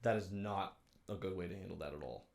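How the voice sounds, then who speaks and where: A man's voice: deep voice, fast, gravelly, darkish tone. A man co-hosting, chatting casually about a TV scene with lots of "like" fillers.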